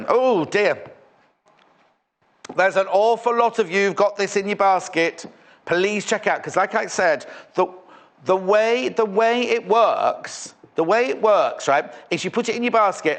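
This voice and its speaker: A man's voice: sits high, a bit bright. A man presenting live on a shopping channel in a studio, with chatty, rambling sales patter.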